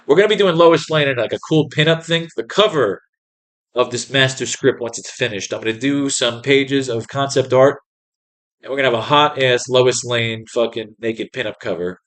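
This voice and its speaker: A man's voice: mid-range voice, moderate pace, fairly bright tone. A man hosting a writing class, reading comics aloud and ranting at them with crude, exasperated commentary. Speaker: host.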